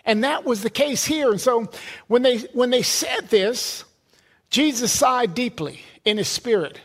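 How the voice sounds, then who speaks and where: A man's voice: very high voice, expressive, measured pace, a bit bright. A man preaching a sermon, emphatic, repeating words and building lists.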